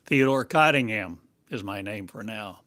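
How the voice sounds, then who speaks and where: A man as a spiritual teacher, delivering a channeled monologue in slow, halting, cryptic phrases. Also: lowish voice, a bit bright, no room sound. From United States.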